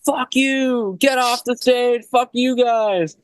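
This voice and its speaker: Man mimicking a shrill, furious woman heckler. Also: slow pace, smooth, no echo. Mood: hostile. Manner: yelling, profane, shrill. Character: angry drunk woman heckler at a bar show.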